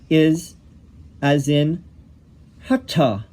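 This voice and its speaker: A man's voice: on the high side, slow pace, long pauses, warm tone. A man teaching as a yoga teacher, explaining pronunciation patiently, correcting himself and saying each sound aloud.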